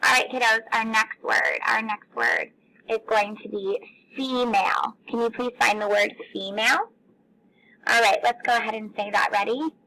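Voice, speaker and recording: Woman teacher for a kids' phonics video: patient, encouraging, bright tone with a little fry. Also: on the high side, poor audio. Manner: patient, encouraging, drawn-out word sounding. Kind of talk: recorded phonics lesson for children.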